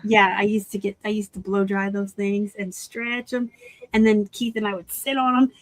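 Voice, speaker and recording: A woman's voice: mid-range voice, little pitch movement, normal speed, dry recording, rough recording. A woman hosting a casual live-stream chat about reselling, rambling through asides and laughing often over a video call.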